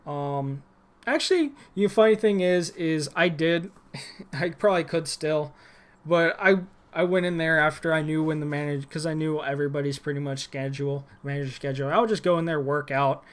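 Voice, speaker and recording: Irritated man with a smooth higher voice. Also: normal speed. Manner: rambling and irritated, many restarts and fillers. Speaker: former gym employee. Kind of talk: casual vlog rant.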